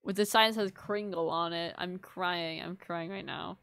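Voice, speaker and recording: A woman's voice: on the low side, steady tone, moderate pace, vocal fry, fairly bright tone, dry recording. A woman streaming live, chatting casually with her viewers and teasing them in a playful, mock-offended way. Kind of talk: casual livestream chat with viewers.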